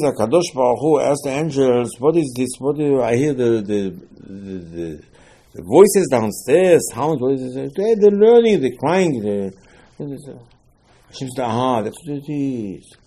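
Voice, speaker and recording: Guy giving a torah class, keeps asking himself questions, mellow husky voice. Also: medium pitch, animated, measured pace. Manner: emphatic, repetitive, asks and answers his own questions, broken English phrasing. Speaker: rabbi teaching Torah. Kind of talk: informal Torah lecture.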